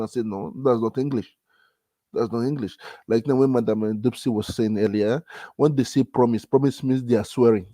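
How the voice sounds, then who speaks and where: A man in a casual group chat, talking in halting repeated phrases and often asking "you understand?". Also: medium pitch, warm tone, no room sound. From France.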